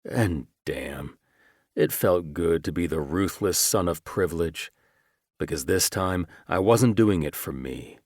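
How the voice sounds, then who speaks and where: A man narrating a first-person romance audiobook in a measured, deliberate, quietly menacing manner. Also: sits low, no room sound, clean studio sound.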